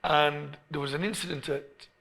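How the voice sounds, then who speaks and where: A middle-aged English man, a football coach being interviewed, who tells stories in an animated way and often restarts his phrases. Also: a little high, moderate pace, vocal fry. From England. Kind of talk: storytelling interview.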